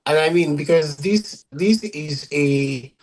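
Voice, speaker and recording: Effusive male host, slightly higher voice. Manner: effusive praise, halting phrasing. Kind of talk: casual interview on a video call.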